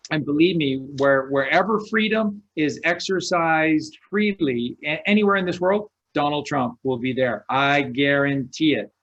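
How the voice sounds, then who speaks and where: A man's voice: a little high, lively intonation, normal speed, hardly any pauses, a bit bright. A man, a guest on a video call, speaking in an emphatic, rallying way and repeating phrases for stress. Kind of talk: casual chat. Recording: dull lo-fi sound.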